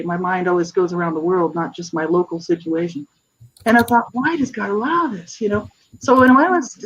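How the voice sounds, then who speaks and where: A woman in her fifties, an author and advocate, tells her personal story earnestly as a radio interview guest. Her mid-range voice comes through with the highs cut off and a little hiss or hum. She sounds searching, restarting often and adding asides like "you know, right?"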